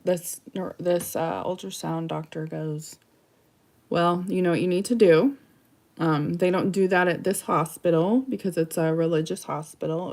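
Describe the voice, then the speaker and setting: A woman in her forties telling a personal story in a halting, soft way, often dropping to a near whisper. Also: fairly low pitch. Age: 40s. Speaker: vlogger.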